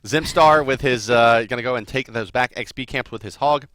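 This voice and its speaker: A man casting an esports match, energetic and chatty, laughing often. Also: mid-range voice, moderate pace. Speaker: esports caster. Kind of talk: play-by-play commentary.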